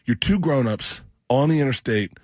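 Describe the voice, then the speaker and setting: A man's voice: medium pitch, normal speed, dry recording. A middle-aged man, a comedian guest in a radio studio, telling a rambling story and acting out the voices of the people in it. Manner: rambling, acts out quoted voices.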